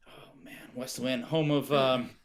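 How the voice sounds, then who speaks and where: A man's voice: medium pitch, moderate pace, fairly bright tone. Rambling middle-aged man, podcast guest. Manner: rambling, many restarts and fillers. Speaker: podcast guest, restaurant owner. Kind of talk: casual interview chat. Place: Oregon home.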